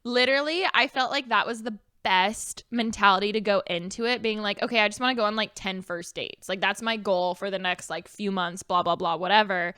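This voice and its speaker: Bright-voiced bubbly young woman chatting. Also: medium pitch, a little fast, hardly any pauses, smooth, dry recording, clean studio sound. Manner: chatty, bubbly storytelling with many fillers. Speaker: podcast co-host. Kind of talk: casual chat.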